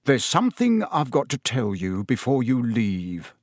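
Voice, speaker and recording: A man voicing an anxious middle-aged wizard father who speaks low and tense in a storybook reading. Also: huge pitch swings, measured pace, no echo, clean studio sound.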